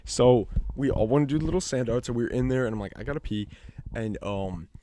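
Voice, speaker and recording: A man's voice: mid-range voice, fairly quick, mellow, no echo. A young adult man co-hosting a podcast, telling a long story in a rambling, casual way. He uses plenty of fillers and swears freely. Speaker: podcast co-host.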